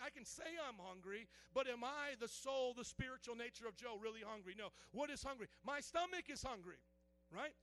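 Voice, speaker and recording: A man's voice: very high voice, expressive, moderate pace, vocal fry, pushed and bright. A male pastor preaching a sermon in a conversational way, quizzing the congregation with questions and dropping joking asides.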